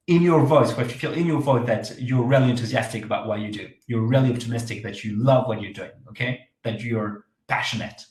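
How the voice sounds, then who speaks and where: Emphatic man in echoey room. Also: medium pitch. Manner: energetic, emphatic, repeats key words. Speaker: workshop speaker. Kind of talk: online workshop talk.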